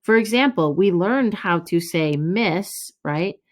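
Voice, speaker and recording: A woman Spanish teacher calmly explaining workbook notes to her students. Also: fairly low pitch, takes it slowly. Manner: patient, instructive, addresses students directly. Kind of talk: classroom lesson explaining notes.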